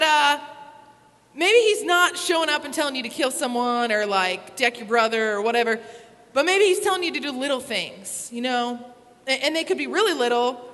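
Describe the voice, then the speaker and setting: Young woman speaker telling a story, high bright voice, big echoey hall. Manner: animated, acts out voices and sound effects. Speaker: motivational speaker. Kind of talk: youth talk with storytelling. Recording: live hall reverb.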